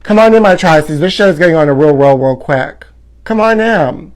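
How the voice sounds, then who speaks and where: A man's voice: on the high side, animated, normal speed. Campy chatty man hosting a live gossip stream. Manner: campy, theatrical, calls viewers honey; reads fan comments aloud. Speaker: host.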